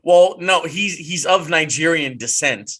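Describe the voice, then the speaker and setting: This wrestling podcast co-host has a husky, fairly high-pitched voice. Chatting casually, he's animated and starts repeating himself when he gets going.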